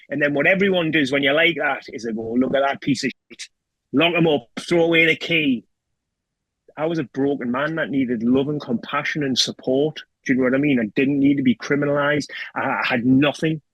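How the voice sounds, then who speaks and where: A man's voice: medium pitch, fairly quick, fairly bright tone, breathy edge, no room sound, lo-fi sound. A middle-aged man with a North East England accent speaks as an interview guest, telling his own story in a raw, emotional way with plenty of swearing and repeated "do you know what I mean". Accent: North East England (Geordie). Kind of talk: candid personal storytelling.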